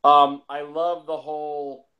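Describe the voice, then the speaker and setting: A man's voice: fairly high pitch, flat delivery, slow, dull audio. A man talking casually about films, rambling and repeating himself with lots of fillers. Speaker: film reviewer. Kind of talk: casual film discussion.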